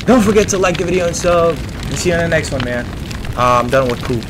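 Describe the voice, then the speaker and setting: A young man giving panicky let's-play commentary on a horror game, yelping and shouting when scared. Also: on the high side, animated, quick pace, noisy background. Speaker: gaming streamer. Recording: game music playing loudly behind.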